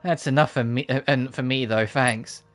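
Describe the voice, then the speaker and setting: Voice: mid-range voice, steady tone, normal speed, a bit bright, faint music behind. A streamer giving casual, rambling commentary on a game playthrough, with lots of fillers and self-deprecating asides.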